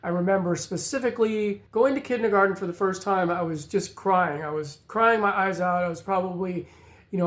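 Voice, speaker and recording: An adult man vlogging, telling a personal story in a reflective, halting way, often pausing on "you know". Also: sits high, a bit bright.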